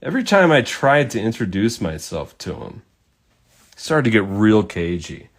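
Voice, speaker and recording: A man's voice: lowish voice, big pitch swings, normal speed. A man telling a rambling, casual story while painting, swearing freely and using lots of fillers.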